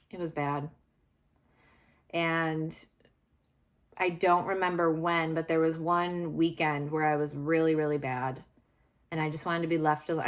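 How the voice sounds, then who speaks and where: A woman vlogger candidly sharing a personal story, confessional and searching, with frequent fillers and restarts. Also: sits low.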